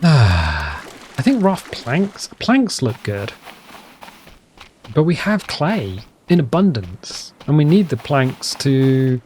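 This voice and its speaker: A man's voice: mid-range voice, huge pitch swings, slow, a little mellow, a little hiss or hum. Rambling man commentating a survival game. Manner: rambling, self-deprecating, talks to himself. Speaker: gameplay commentator. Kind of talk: casual let's-play commentary.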